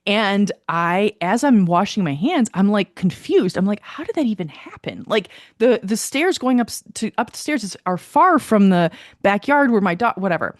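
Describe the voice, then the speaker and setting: A woman's voice: medium pitch, moderate pace, few pauses, no room sound, clean studio sound. A woman co-hosting a podcast in casual chat, telling stories animatedly, laughing often and acting out what people said. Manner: animated storyteller, laughs often, acts out quotes. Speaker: podcast co-host.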